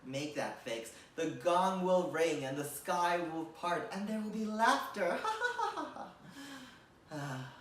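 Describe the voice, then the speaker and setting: Male comic, average pitch, sarcastic rambler; roomy, off-mic recording. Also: expressive, measured pace, few pauses, recorded from a distance. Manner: rambling, filler-heavy, mock-gushing sarcasm. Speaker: comedian. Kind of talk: comedic monologue.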